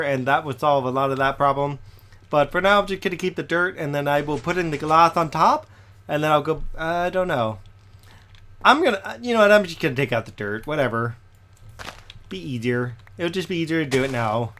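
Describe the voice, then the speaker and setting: A man, slightly hoarse and recovering from a cough, chatting casually through his gameplay in a rambling way with lots of "okay?" tag questions. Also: a little high, fairly bright tone. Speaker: Minecraft let's player.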